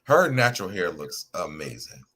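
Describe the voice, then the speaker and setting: Male co-host, low voice, relaxed recap banter, chatty and easygoing. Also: normal speed. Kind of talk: casual recap chat.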